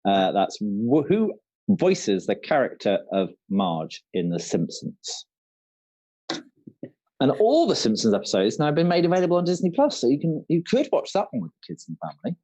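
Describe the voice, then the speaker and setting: A man's voice: mid-range voice, huge pitch swings, moderate pace, mellow. A man co-hosting an online quiz, reading each question twice and chatting between them. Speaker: quiz co-host.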